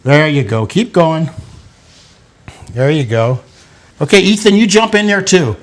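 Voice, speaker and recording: Older man hosting a lively cooking show. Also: a little high, unhurried. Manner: encouraging, playful, coaxing children. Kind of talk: casual cooking demonstration with kids.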